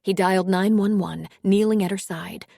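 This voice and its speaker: A woman narrating an audiobook in an even, measured reading. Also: mid-range voice, gravelly, dry recording, studio quality. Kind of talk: scripted narration.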